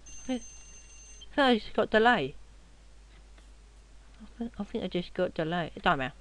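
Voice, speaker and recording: A young man giving casual gameplay commentary at his computer, rowdy and swearing, often yelling at the game. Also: high-pitched, lively intonation, moderate pace. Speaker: gaming commentator.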